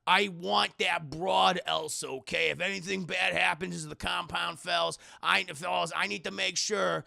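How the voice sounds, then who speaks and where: A man's voice: sits high, fairly even intonation, moderate pace, creaky, bright, forceful tone, no echo, clean studio sound, exaggerated voice. A man voicing a crude, greedy male crime boss who bellows and sneers. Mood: bossy.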